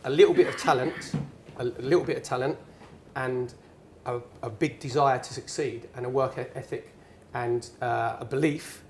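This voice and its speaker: Man in his forties, earnest storyteller, emphatic, restarts often, mid pitch, faint room noise. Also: steady tone, moderate pace. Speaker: guest, former footballer. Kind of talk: storytelling in a conversation.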